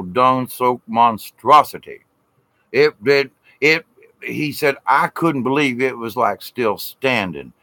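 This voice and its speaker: Man, Southern US accent, casual ghost-story telling, rambling with repeated "he said", crisp bright tone, dry close sound. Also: mid-range voice, no echo. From Southern United States. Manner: rambling, repeats "he said", drawn-out dramatic pauses.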